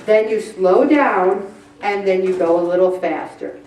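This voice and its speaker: A woman leading a weight-loss group presentation, chatty and animated, acting out little voices. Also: mid-range voice, unhurried. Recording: roomy echo from far off the mic.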